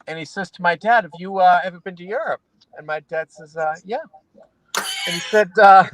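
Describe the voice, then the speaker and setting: A middle-aged man with a high voice talks as a guest in a casual chat, dry and close on the mic. He laughs easily and often restarts his sentences as he tells stories. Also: huge pitch swings, a bit bright, no echo, poor audio. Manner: laughs often, halting restarts while telling anecdotes.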